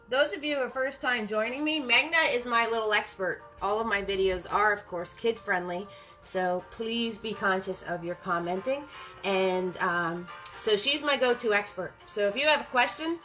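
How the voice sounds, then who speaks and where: A woman's voice: a little high, pushed and bright, low-quality recording. A woman hosting a live-streamed painting class, upbeat and greeting viewers by name as they join.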